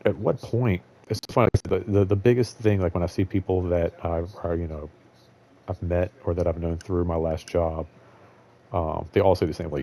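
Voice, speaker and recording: A man's voice: deep voice, fairly even intonation, normal speed, dark tone. A young man hosting his own show, talking in a loose, rambling way, full of fillers and blunt swearing. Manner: rambling, filler-heavy, candid and profane. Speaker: show host. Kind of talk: casual rambling monologue.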